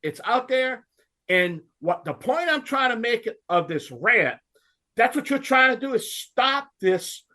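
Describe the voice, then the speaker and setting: Animated Cajun man ranting on radio. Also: very high-pitched, unhurried. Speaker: radio show host. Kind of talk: radio talk show banter.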